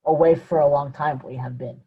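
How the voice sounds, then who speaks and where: A man voicing a small, wise old alien master who speaks in backwards word order, low and slow. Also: fairly even intonation, breathy edge, phone-quality sound. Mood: drawling. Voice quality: slow, inverted phrasing.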